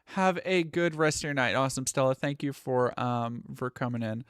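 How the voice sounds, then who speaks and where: A man's voice: mid-range voice, moderate pace, fairly bright tone, clear, resonant tone, no echo, clean studio sound, faint music behind. A man live-streaming casual reaction commentary, sarcastic and exasperated and swearing freely.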